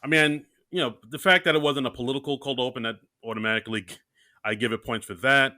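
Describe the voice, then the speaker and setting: Bright male co-host with dry sound. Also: medium pitch, steady tone, quick pace, dry recording. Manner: hesitant, with many fillers. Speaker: podcast co-host. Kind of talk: casual chat.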